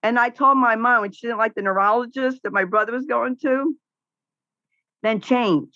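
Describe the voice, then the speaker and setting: A woman's voice: on the high side, fairly quick, dry recording, muffled recording. A middle-aged woman, a podcast guest, talking casually and outspokenly about caregiving, telling stories with laughs. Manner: outspoken, animated storytelling with laughs. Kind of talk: casual interview conversation.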